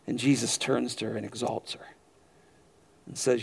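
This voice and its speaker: A man preaching a sermon as pastor, rising to loud emphatic stretches and dropping to quiet low passages, often repeating words as he restarts a phrase. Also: normal speed, vocal fry.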